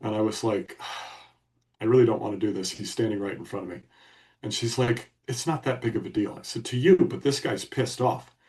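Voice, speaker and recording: A man's voice: mid-range voice, recorded from a distance. A man co-hosting a podcast, telling a story in a blunt, emphatic way. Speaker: podcast co-host. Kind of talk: casual storytelling.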